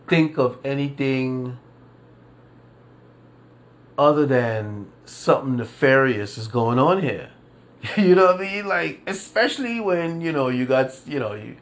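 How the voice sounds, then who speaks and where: A man's voice: a little high, a bit bright. A man hosting a casual solo podcast, ranting in disbelief, profane and rambling, with lots of repeats and fillers. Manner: drawn-out disbelieving emphasis. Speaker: podcast host.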